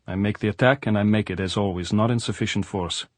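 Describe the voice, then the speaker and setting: A man's voice: lowish voice, fairly even intonation, quick pace, dry recording, natural voice. A man voicing a blunt middle-aged general who teases dryly in stiff, formal broken English, in an audiobook. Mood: dryly teasing.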